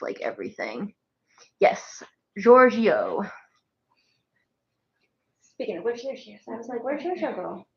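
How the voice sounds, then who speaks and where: A chatty woman streamer rambles casually from home and laughs a lot. Her voice sits at an everyday middle pitch. The audio is a bit muffled and lo-fi. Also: a little hiss or hum. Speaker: streamer and writer. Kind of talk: casual chat on a birthday live stream. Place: home with pets.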